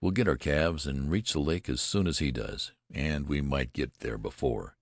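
A man's voice: rumbling low, moderate pace, no echo, clean studio sound. A man reading a level-headed veteran plainsman hunter who calls out firm commands. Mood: steady.

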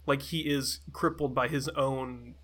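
A man's voice: medium pitch, steady tone, measured pace, fairly bright tone. A man co-hosting a film podcast, talking casually and hesitantly with many fillers. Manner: hesitant, lots of likes and ums. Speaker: podcast co-host.

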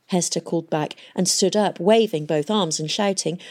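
A woman reading an audiobook in a measured, even storytelling manner. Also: lowish voice. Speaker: audiobook narrator. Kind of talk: scripted audiobook narration.

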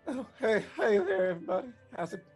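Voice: mid-range voice, sing-song, fast, a little mellow, husky, soft background music. A player doing a folksy forager. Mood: cheerful. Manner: folksy, homespun sayings.

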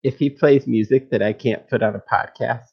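A man's voice: medium pitch, fairly even intonation, fairly quick, vocal fry, slightly rough. A man hosting a game stream, chatting casually and laughing often. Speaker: stream host. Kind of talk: casual chat. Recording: slightly dull mic.

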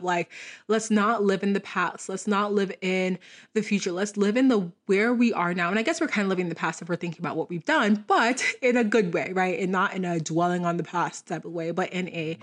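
A woman's voice: mid-range voice, fairly quick. A young adult woman hosting a solo podcast, talking in a chatty, reflective way and leaning on "like" as a filler. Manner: chatty and reflective, heavy use of "like". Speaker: podcast host.

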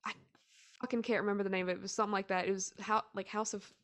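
A woman's voice: medium pitch, flat delivery, rapid-fire. Scatterbrained swearing woman guest. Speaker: podcast guest. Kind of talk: casual chat.

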